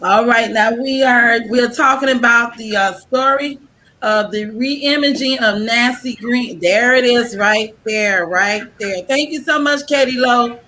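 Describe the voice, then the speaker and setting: A woman hosts a live stream show, bubbling over with excitement as she calls in her guests. Her voice sits high and sounds bright. A faint hiss runs under the video-call audio. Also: measured pace, rough recording. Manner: excited, effusive, laughing and shouting greetings. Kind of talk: enthusiastic live stream introductions.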